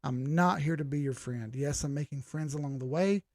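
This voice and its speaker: A man's voice: fairly high pitch, normal speed, a little mellow, dry recording, studio quality. A man hosting a live stream, going over charts in casual talk, blunt and combative as he answers his viewers directly. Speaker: crypto live-stream host.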